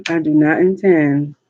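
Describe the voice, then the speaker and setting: A woman, a mother, telling stories in a relaxed, chatty way while eating on a livestream vlog. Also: low-pitched, highs cut off. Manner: slow, chatty storytelling with laughs. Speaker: mukbang vlogger. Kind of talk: casual chat while eating. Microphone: livestream mic.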